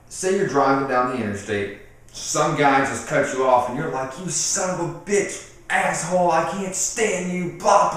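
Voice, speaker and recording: A man giving casual parenting advice straight to camera, animated, acting out what people say and repeating himself as he goes. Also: medium pitch. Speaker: parenting video host. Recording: very echoey room, mic off at a distance.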